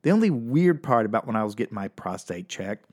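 A man performs stand-up comedy, telling a personal story in an animated, exaggerated way and jumping up suddenly for punchlines. His voice sits on the low side and moves a little fast.

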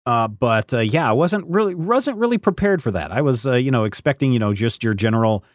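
A man's voice: medium pitch, expressive, brisk, no room sound, clean studio sound. A man co-hosting a comic book review podcast, musing aloud with a thoughtful, hesitant manner. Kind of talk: casual podcast chat.

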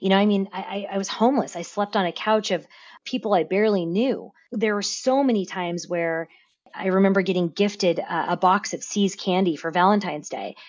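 Animated businesswoman on a dull, lo-fi line. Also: medium pitch, moderate pace. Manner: animated, repeats words and restarts. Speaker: podcast guest, business owner. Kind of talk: casual interview talk.

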